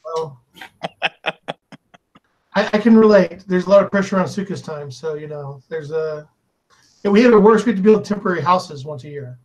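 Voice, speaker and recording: A man's voice: sits high, normal speed, long pauses, darkish tone, rough recording. A man with a Texan American accent in casual group chat over a video call, joking and laughing often. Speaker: guest chatter on a live art stream.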